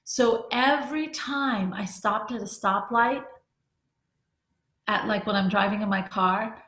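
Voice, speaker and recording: A woman's voice: medium pitch, slow, a bit bright. A middle-aged woman leading a group discussion, telling a personal story in a candid, conversational way. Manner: candid, conversational, with restarts and laughs. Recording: echoey room.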